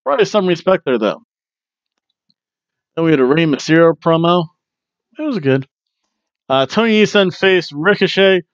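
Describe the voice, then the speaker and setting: A man's voice: on the high side, lively intonation, moderate pace, long pauses, clear, resonant tone, no echo, muffled recording. A man hosting a wrestling review podcast, rambling casually through a recap and breaking into goofy chants and sing-song asides.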